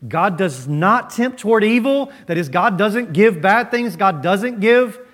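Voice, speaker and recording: Male pastor, slightly raised pitch; emphatic sermon delivery, dramatic pauses, dips to near-whisper. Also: lively intonation, a bit bright. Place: church.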